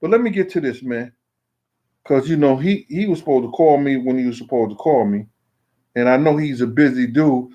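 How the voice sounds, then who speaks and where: A man's voice: mid-range voice, fairly quick, mellow, highs cut off. A man hosting a casual call-in talk show, rambling in a streetwise way and often asking "you know what I'm saying". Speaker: show host. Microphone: phone call on air.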